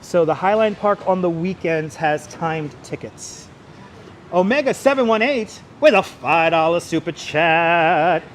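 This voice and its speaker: Male livestream host, high voice, playful and jokey, walking outdoors on a wireless lapel mic with faint traffic noise. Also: animated, unhurried. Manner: jokey, breaks into playful singing, reads out viewer names. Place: outdoors on an elevated city park walkway. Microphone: wireless clip-on mic, phone on gimbal.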